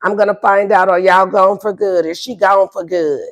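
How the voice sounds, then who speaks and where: A woman's voice: mid-range voice, fairly even intonation, moderate pace, lo-fi sound. Playful, salty tarot reader woman. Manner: casual, playful and profane, repeats questions. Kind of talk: livestream tarot reading.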